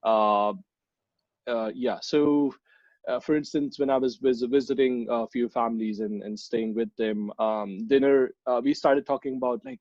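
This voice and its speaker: A young man from India, a podcast guest, talking casually with many pauses and restarts. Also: medium pitch, steady tone, a little mellow, no echo. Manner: hesitant, many ums and restarts. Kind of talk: casual interview chat. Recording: dull, dry lo-fi sound.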